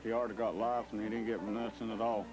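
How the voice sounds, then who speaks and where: A man's voice: on the low side, level tone, quick pace, over music, poor audio. A man with an Appalachian accent giving a plain, matter-of-fact account. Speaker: interviewee. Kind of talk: plain first-person account.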